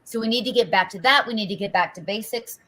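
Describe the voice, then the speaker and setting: A woman's voice: mid-range voice, fast, pushed and bright, low-quality recording. A woman hosting a political talk show, speaking casually with frequent fillers and rhetorical asides.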